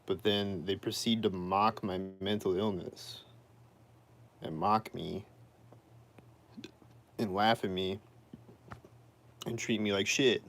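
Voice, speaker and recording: A man on a livestream rants in an aggrieved, circling way and keeps asking the same questions again and again. His voice sits on the low side for a man. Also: fairly even intonation, slow pace, long pauses, fairly bright tone, a little hiss or hum. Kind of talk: livestream rant.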